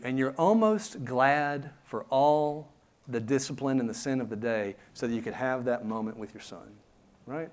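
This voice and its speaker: A man's voice: medium pitch, normal speed, a little mellow. A man preaching a sermon as pastor, earnest and conversational, putting rhetorical questions to his listeners.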